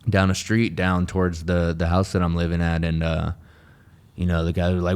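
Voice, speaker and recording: A man's voice: low-pitched, level tone, moderate pace, a little mellow, clear, resonant tone. A man in recovery from addiction, talking earnestly as a guest in a casual interview, rambling with many restarts and fillers.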